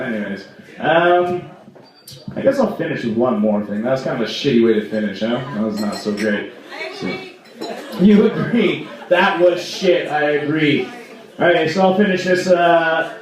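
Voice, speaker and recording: A young man performing a rambling stand-up set at an open mic in a small bar, with lots of "like" and mock outrage. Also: high-pitched. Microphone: stage microphone. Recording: echoey room, voice from far off.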